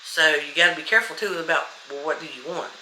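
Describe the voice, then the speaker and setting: A woman's voice: sits low, quick pace, bright, forceful tone, roomy sound, a little hiss or hum, poor audio. A woman coaching viewers in casual motivational talk, blunt and to the point, repeating affirmations. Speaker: manifestation coach.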